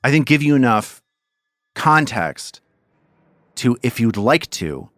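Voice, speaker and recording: A man running a tabletop game as game master, narrating in a relaxed way and often repeating words as he thinks. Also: mid-range voice, slow pace, no room sound.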